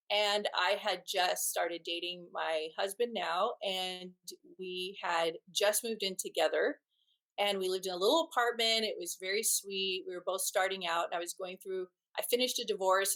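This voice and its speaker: A middle-aged woman appears as a podcast guest, telling a personal story earnestly but haltingly, with many restarts. Her voice is medium-pitched and a bit bright, and the audio is poor.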